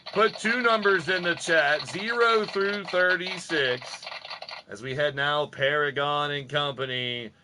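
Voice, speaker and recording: A man hosting a live stream of simulated wrestling, chatting with viewers in a loose, profane, playful way. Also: sits high. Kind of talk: casual live-stream commentary.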